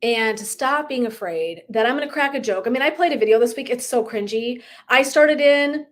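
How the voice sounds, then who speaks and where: A woman's voice: a little high, brisk. A middle-aged woman wellness coach talking candidly in a casual live stream, swearing and laughing as she acts out her own thoughts.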